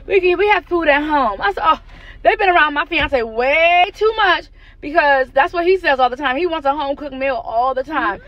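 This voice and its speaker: A woman's voice: high voice, a bit bright, lo-fi sound, slight background noise. An American woman in her thirties, a mother vlogging from her car, venting bluntly and frankly about her kids with some cursing. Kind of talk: candid venting car chat. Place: parked car, then driving home.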